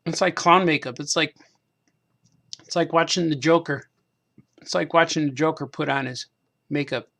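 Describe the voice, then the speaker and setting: A man's voice: a little high, steady tone, moderate pace, vocal fry, pauses often, a bit bright. A man talking to himself in a loose, meandering way while he paints toy figures, repeating phrases and laughing at himself. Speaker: cartoonist hosting a craft stream. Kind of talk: casual rambling monologue while painting figures.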